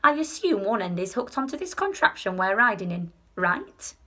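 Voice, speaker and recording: A woman voicing a suspicious, cranky old grandmother with a high croaking voice, reading a children's storybook aloud. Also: very animated, moderate pace, bright, forceful tone.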